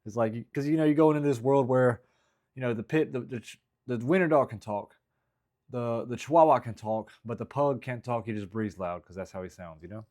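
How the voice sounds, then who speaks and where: A man in a casual vlog, talking haltingly about his stand-up material and second-guessing his own jokes. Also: medium pitch, darkish tone. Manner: halting, rambling, self-critical, frequent restarts. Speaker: stand-up comedian.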